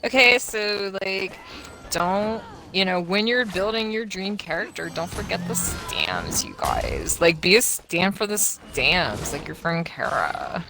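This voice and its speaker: A woman's voice: lowish voice, very animated, slow, over music. A woman co-commentating a live game event in a chatty manner, full of fillers and asides to the viewers.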